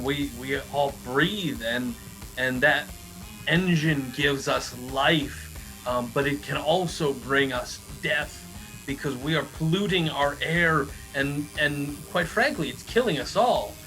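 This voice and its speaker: A man's voice: fairly high pitch, a little slow, sharp tone, faint music behind, poor audio. A man playing an earnest, hesitant tattoo customer in an improv comedy scene, stammering and restarting often.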